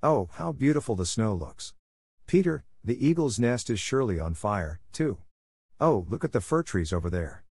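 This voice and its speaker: A man reading aloud voices an eager, tender little girl with a gentle, wide-eyed manner. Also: on the low side, very animated, moderate pace, husky, no echo, clean studio sound, full character voice. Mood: excited.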